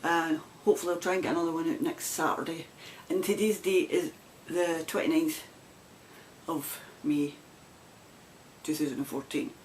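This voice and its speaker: Low-pitched and a little mellow, her voice holds a steady tone at a moderate pace, with slight background noise. She's a Scot with a broad Glasgow accent hosting a knitting podcast, chatting casually to camera with frequent laughter and rambling asides.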